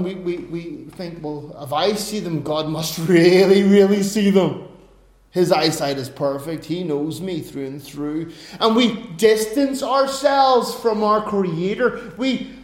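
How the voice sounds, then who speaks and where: A middle-aged man preaching a sermon, telling personal stories in an animated way, breaking into bursts of laughter. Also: high-pitched. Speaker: pastor. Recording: roomy echo.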